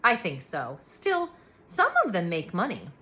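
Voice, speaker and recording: Blunt worldly French woman, dry delivery, lively pitch, voiced by a woman reader. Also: a little slow, heavily acted.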